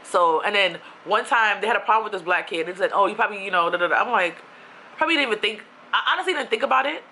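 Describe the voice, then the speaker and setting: Bright-voiced chatty woman vlogger from Queens. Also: medium pitch, expressive, fast, slight background noise. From New York City (Queens). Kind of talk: casual rambling storytime.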